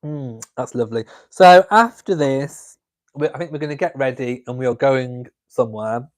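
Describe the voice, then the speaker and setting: A mid-range, darkish voice with fairly even intonation and a fairly quick pace belongs to an English vlog host. At home with his coffee, he reads live chat comments aloud and chats in a playful, camp way.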